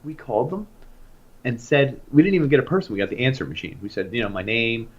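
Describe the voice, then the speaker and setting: A young man co-hosting a podcast, telling a story in casual chat and getting more animated as he goes. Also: mid-range voice, fast, breathy edge, lo-fi sound. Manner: animated anecdote-telling, rising to loud excitement. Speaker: podcast co-host.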